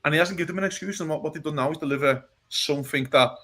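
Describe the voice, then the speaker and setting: Bright-voiced man, blunt and animated. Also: fairly high pitch, rapid-fire. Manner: animated and blunt, swears, keeps asking "do you know what I mean". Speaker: podcast co-host. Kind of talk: casual football chat.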